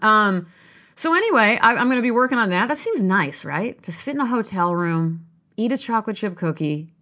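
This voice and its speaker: A woman's voice: medium pitch, animated, moderate pace, pushed and bright. A woman chatting to her viewers from a hotel room, rambling, candid and affectionate, both tired and a little amped up. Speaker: vlogger talking to her viewers. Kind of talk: casual chat to camera.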